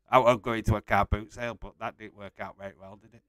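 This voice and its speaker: A man's voice: lowish voice, fairly even intonation, fast, fairly bright tone, clear, resonant tone, no room sound. A young man casually hosting a live stream, reading out and answering chat messages and laughing often.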